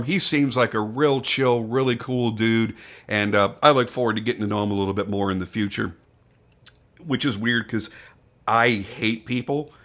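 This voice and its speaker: A man's voice: on the low side, fairly bright tone. Candid older man reviewing a knife. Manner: candid, swears, thinks aloud with restarts. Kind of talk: casual product review.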